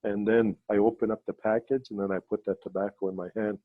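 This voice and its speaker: A man leading a ceremony, telling stories in a halting way with many fillers and restarts, over a video call. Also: flat delivery, no room sound, narrow, tinny audio. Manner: halting, with many fillers and restarts, voices quoted people in a higher pitch. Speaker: ceremony leader and storyteller. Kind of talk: storytelling talk on a video call.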